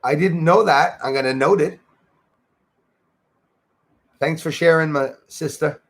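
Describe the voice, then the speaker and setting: A man's voice: on the high side, a little slow. A man hosting a livestream, chatting casually and greeting viewers by name as he rambles along. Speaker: livestream host. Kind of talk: casual chat reading out viewer comments.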